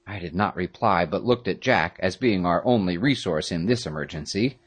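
A man narrating a classic adventure story in the first person, with an expressive, dramatic reading. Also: deep voice, moderate pace, slightly rough. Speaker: audiobook narrator.

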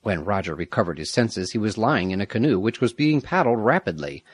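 A man narrating an adventure story in a measured, dramatic reading. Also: on the low side, lively intonation, slightly rough, dry recording. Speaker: audiobook narrator. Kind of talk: scripted narration.

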